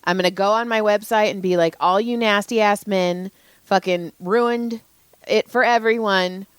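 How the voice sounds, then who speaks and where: A woman's voice: mid-range voice, normal speed, clean tone, no room sound. A young woman co-hosting a podcast, venting anecdotes in casual, profane chat. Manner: profane, animated storytelling. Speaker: podcast co-host, massage therapist.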